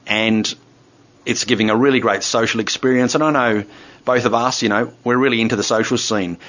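A man's voice: mid-range voice, a bit bright. A man co-hosts a radio show and explains things with easygoing enthusiasm. He talks casually with loose fillers. The audio is dull and slightly lo-fi. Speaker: radio co-host.

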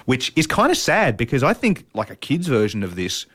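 A man in casual conversation, talking with animation as he reviews a game. His pitch sits in the middle range for a man, and his delivery is relaxed and chatty. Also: normal speed. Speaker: podcast co-host. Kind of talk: casual chat.

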